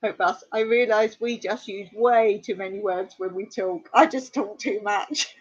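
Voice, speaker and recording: A woman's voice: mid-range voice, steady tone, unhurried. Chatty Englishwoman, lo-fi live stream. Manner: chatty storyteller, laughs often, mimics others' pronunciation. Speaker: livestream host. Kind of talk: casual live-stream chat. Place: home in rural Cyprus. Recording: dull lo-fi sound.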